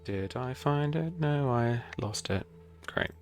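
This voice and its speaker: A man's voice: mid-range voice, expressive, slow. A man narrating a tabletop game as game master, describing scenes loosely with many fillers.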